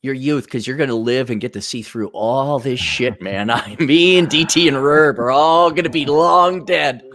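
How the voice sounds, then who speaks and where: A man hosting a casual podcast chat, ranting in a profane, animated way. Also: medium pitch, normal speed, slight background noise. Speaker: podcast host.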